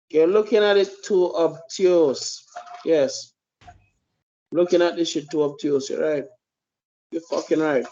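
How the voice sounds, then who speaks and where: A man's voice: a little high, unhurried, pauses often, mellow. A man giving blunt, profane opinionated commentary as a podcast host. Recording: dull lo-fi recording.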